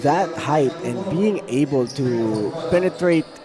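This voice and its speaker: A man's voice: medium pitch, animated, takes it slowly, over music. A man with a Filipino accent giving live analysis of a basketball game, mixing English and Filipino. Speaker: color commentator. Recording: noisy arena broadcast.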